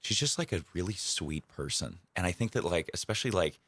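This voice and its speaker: A man's voice: sits low, expressive, brisk, fairly bright tone, slightly rough, no echo, clean studio sound. A young adult man, a comedian, telling stories as a guest in a radio interview, chatty and self-deprecating, rambling with fillers and laughs. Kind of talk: casual interview storytelling. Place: radio studio.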